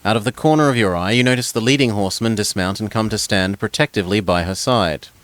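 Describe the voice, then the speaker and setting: A man's voice: on the low side, fast talker, fairly bright tone, no room sound. Man reading a gamebook, dry close sound. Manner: second-person narration with stumbles and casual asides. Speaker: gamebook reader.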